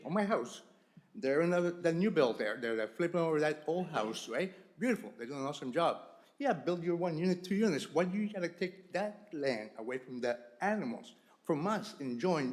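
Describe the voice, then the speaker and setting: A man speaking as a resident at a council meeting, informal and emotional, repeating his points. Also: on the high side. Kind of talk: public comment. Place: council chamber.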